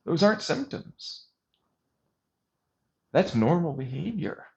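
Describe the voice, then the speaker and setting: A man's voice: a little high, sing-song, takes it slowly, gravelly. A man vlogging an intense monologue, agitated and sarcastic as he rants. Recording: dull lo-fi recording.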